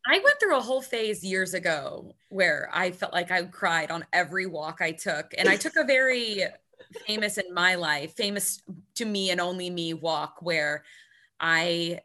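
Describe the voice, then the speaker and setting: A woman's voice: lowish voice, expressive, a little slow, sharp tone. A young woman co-hosting a podcast, telling candid, self-deprecating stories in casual chat. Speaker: podcast co-host.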